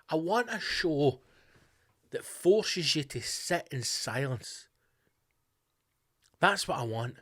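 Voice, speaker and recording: A Scottish man rants with heavy swearing and dry sarcasm as he hosts his own show. His voice sits a bit higher than most men's. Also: a bit bright. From Scotland. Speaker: podcast host. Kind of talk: profane comedic rant.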